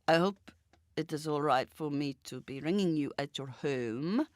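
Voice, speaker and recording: A woman reading aloud, voicing a formal, measured German man with a German accent who speaks politely and carefully. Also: low-pitched, no echo.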